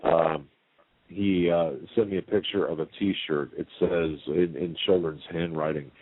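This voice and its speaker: A man's voice: low-pitched, fairly even intonation, measured pace, phone-quality sound. A man hosting a call-in talk radio show, folksy and eager, cutting in on his callers. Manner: folksy, interrupting, blessing callers.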